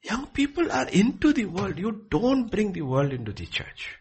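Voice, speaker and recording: A man teaching from the Bible with passion, dropping to hushed near-whispers and then rising to loud, excited bursts. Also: high-pitched, moderate pace, breathy edge. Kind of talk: impassioned preaching in conversation.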